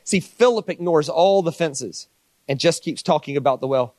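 A man delivers a sermon in an animated storytelling style and slips into mock voices for the people in his stories. His voice sits fairly high for a man. The sound is dry and close. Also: normal speed, no room sound. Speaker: pastor.

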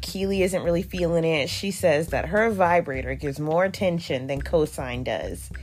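A woman hosting a podcast, giving a casual, sassy review full of slang and frequent laughter. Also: on the low side. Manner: animated and sassy, laughs often, uses slang. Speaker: podcast host reviewing a reality show. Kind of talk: casual commentary.

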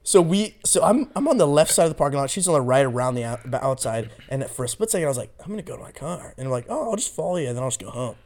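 Animated, profane young man telling stories. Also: medium pitch, very fast, hardly any pauses. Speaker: podcast co-host. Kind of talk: casual storytelling chat.

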